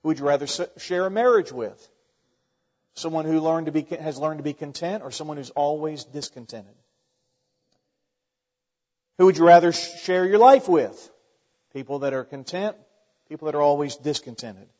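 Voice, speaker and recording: A pastor preaching a sermon in a conversational way, asking the congregation rhetorical questions and adding joking asides. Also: male voice, fairly high pitch, normal speed, long pauses, darkish tone. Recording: dull long reverb in a large hall.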